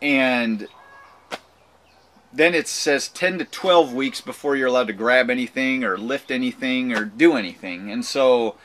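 A man's voice: mid-range voice, measured pace, fairly bright tone, a little hiss or hum. A man in his forties, a vlogger telling a personal story casually to camera, acting out the voices of people in it.

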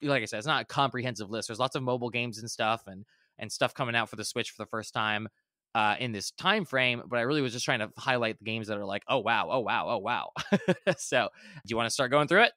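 A man with a bright, forward voice co-hosts a podcast in loose, rambling chat. He backtracks and corrects himself often but stays eager. The sound is close and dry. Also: mid-range voice, brisk, no room sound. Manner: rambling, self-correcting, enthusiastic. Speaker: podcast co-host. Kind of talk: casual chat.

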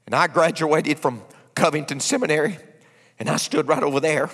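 A man preaching a sermon, swinging from hushed asides to shouted lines. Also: a little high, moderate pace, breathy edge. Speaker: pastor. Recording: echoey church hall.

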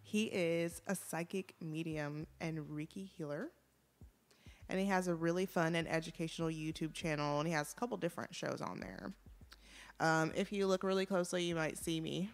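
A woman's voice: low-pitched, fairly even intonation, normal speed. A woman hosting a casual chat podcast, laughing often as she runs the segments. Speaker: podcast host.

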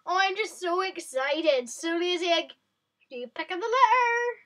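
Bright, high woman chatting excitedly through a game to her viewers. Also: normal speed. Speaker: vlogger. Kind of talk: casual gameplay commentary.

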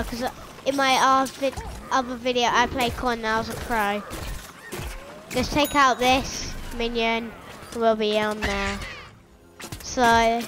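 A woman hosting a gaming channel, giving playful commentary over her match and teasing her teammates. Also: fairly high pitch. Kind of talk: gameplay commentary.

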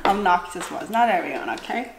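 A woman in her thirties, a mother giving casual advice while eating on her vlog. She talks in a chatty, animated way and keeps acting out other people's lines. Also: on the high side, normal speed, background noise. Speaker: mukbang and recipe vlogger, mother. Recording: roomy echo with clattering dishes.

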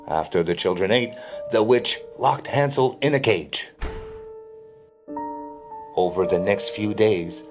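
Male storybook narrator, expressive, with faint music behind. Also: medium pitch.

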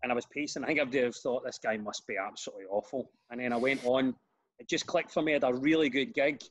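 A man's voice: medium pitch, very fast. Glaswegian man telling stand-up stories. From Glasgow, Scotland. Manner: animated storyteller with frequent restarts. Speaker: guest comedian and radio presenter. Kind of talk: casual podcast chat.

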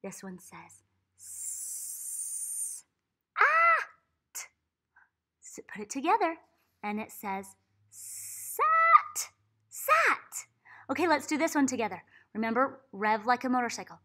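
A woman's voice: on the high side, animated, unhurried, pauses often. A woman reading a phonics book aloud to young children, acting out letter sounds with big playful leaps in her voice. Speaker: reading teacher. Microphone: laptop computer.

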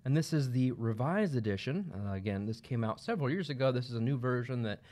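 A man's voice: medium pitch, animated, fast talker, darkish tone. Guy hosting a game shop livestream, voice bounces up and down a lot, upbeat and jokey. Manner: upbeat and joking. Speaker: host. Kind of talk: livestream product rundown.

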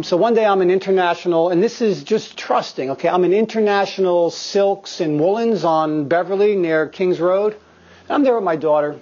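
A man in his fifties talks to acting students in a studio, swearing freely and telling lively, unfiltered stories. His voice sits a little high for a man. The recording is slightly dull and lo-fi. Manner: profane, animated storyteller. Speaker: guest actor speaking to acting students. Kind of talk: candid anecdotal talk.

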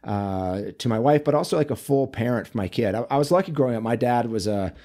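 A man, a men's coach and author, talking as a podcast guest in a relaxed, chatty way, full of fillers and storytelling. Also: medium pitch, fast talker. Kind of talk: casual interview conversation.

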